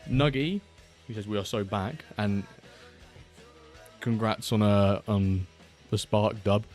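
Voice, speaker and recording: Chatty man over soft music. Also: lowish voice, slow. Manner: rambling, chatty, reads out viewer messages. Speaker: streamer hosting a watchalong. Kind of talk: casual live-stream chat. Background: faint background music.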